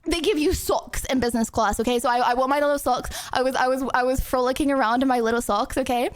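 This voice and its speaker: A woman's voice: high-pitched, fairly even intonation, quick pace, dry recording. A young woman streaming in casual chat, rambling and chatty with lots of filler words.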